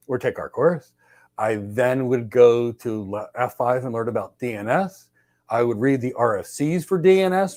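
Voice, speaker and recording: A man hosting a podcast, giving casual career advice and telling lively stories that he acts out in dialogue. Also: mid-range voice. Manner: energetic storyteller who acts out dialogue. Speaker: podcast host.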